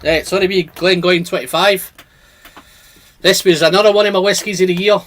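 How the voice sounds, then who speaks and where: A man's voice: high-pitched, fairly even intonation, normal speed, a bit bright, slight background noise. A man hosting a casual whisky livestream, chatting and reading out viewer comments. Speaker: whisky channel host.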